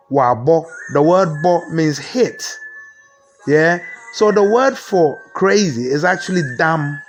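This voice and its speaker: A man with a Ghanaian accent giving a comic mock lecture, explaining word by word and asking rhetorical questions. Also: a little high. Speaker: comedian.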